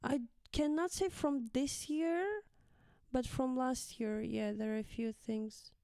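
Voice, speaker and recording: Chatty young woman teacher, clear voice. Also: high voice, slow pace, warm tone, no room sound, studio quality. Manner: chatty, acts out quotes of pupils with laughs. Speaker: English teacher, guest. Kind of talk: casual conversation.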